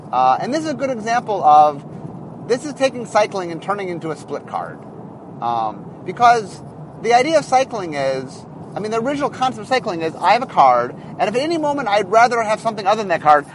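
Man talking casually, high, lively pitch, self-correcting designer, faint traffic noise behind. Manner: rambling, self-correcting, animated explainer. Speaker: game designer. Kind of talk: casual spoken commentary.

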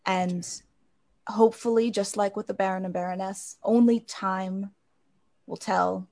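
A woman voicing a kind female magister in a tabletop game, gentle and reassuring with an awkward streak. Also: medium pitch, fairly even intonation, a little slow, natural voice.

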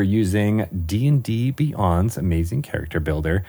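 A man hosts a podcast in relaxed, friendly chat. His voice sits a little low, and he rambles, leaning on lots of fillers as he goes. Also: moderate pace, hardly any pauses, breathy edge, soft background music. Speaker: podcast host. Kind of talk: casual chat.

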